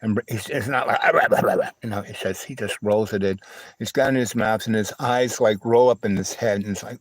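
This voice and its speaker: A man's voice: fairly low pitch, fairly even intonation, no echo, low-quality recording. A man hosting a livestream, telling a long personal story in a rambling way, full of fillers, restarts and little asides to the listener. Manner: halting, with many fillers, restarts and "you know, right?" asides. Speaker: livestream host.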